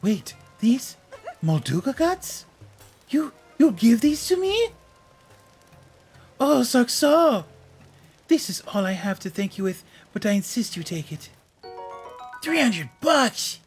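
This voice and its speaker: A man's voice: extremely high pitch, sing-song, slow pace, long pauses, soft background music, pitched above the performer's own voice, heavily acted. A man doing a gushing lovesick woman. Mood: overjoyed. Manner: gushing, dramatic. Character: lovesick young woman, desperate and grateful.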